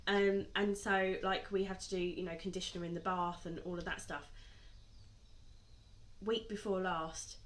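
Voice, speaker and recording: A woman's voice: fairly low pitch, level tone, moderate pace. A woman, candidly sharing parenting stories and agreeing along in a podcast conversation. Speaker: mother and podcast co-talker. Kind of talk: casual podcast chat.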